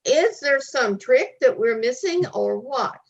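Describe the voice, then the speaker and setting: A woman's voice: high voice, animated, slow pace, creaky. Frustrated woman on a dull call line. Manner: frustrated, pressing. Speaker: questioner in audience.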